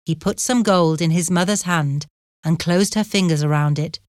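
A woman narrating a storybook in a measured, plain way. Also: lowish voice, a little mellow, no echo, studio quality.

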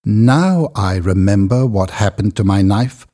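A man voicing a wronged weaver who pleads his innocence in a strained, high, husky voice. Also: animated, a little slow, mellow. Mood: accusing.

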